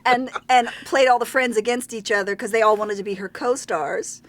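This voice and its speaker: A woman's voice: fairly high pitch, moderate pace, a little hiss or hum. A woman in her forties from Baltimore, a talk show guest chatting animatedly and laughing often as she tells stories. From Baltimore, USA. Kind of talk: casual chat.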